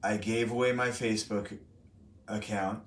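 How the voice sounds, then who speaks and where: Low-voiced young man, rambling and roomy. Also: fairly even intonation, unhurried, a little hiss or hum. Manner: rambling, profane, self-correcting. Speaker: streamer host. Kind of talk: casual storytelling to a live chat. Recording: roomy, from a distant mic.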